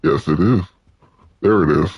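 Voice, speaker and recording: A man's voice: sits low, measured pace, darkish tone, slightly rough, dry recording. A man giving joking, casual commentary while playing a video game. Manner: joking, laughs at himself. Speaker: let's play gamer.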